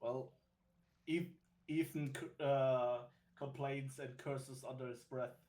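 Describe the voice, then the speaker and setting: A man's voice: mid-range voice, fairly even intonation, slow pace, a little mellow. A man playing in a tabletop game, chatty and laughing easily. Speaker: player. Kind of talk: casual tabletop play.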